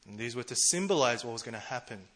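Bright-voiced chatty male preacher. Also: medium pitch, animated, quick pace. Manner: conversational, chatty, laughs at himself. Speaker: preacher, church treasurer. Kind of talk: casual sermon.

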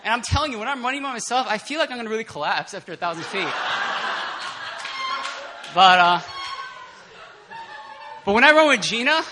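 A man preaching a casual, conversational sermon at a church prayer meeting, animated and laughing often, with many fillers and restarts. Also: high-pitched, a little fast, long pauses, noisy background.

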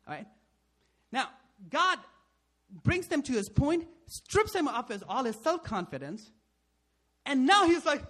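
Brief: husky, high-voiced male pastor, sermon, animated and questioning. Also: unhurried, pauses often. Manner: rhetorical questions, frequent "right?", emphatic swings in loudness.

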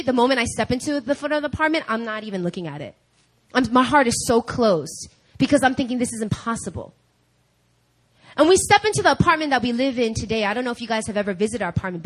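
High, lively woman preaching a sermon. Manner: animated, acts out quoted dialogue. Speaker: speaker at a church service. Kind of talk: sermon with personal storytelling. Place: church service hall.

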